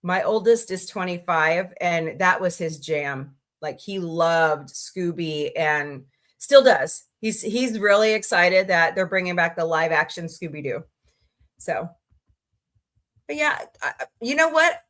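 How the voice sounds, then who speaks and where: Woman, 40s, from Missouri, livestream host, casual chat, rambling and chatty, bright voice. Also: fairly low pitch, lively intonation, measured pace. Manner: chatty, rambling, greets viewers and reacts to chat.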